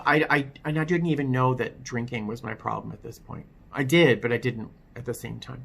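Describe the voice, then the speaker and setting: A man with a bright, forward tone and an ordinary middle pitch tells his own story in a personal testimony vlog. He speaks candidly, with a wry edge, and often stops to restart his sentences. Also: vocal fry. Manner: halting, with frequent restarts. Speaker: vlogger telling his recovery story.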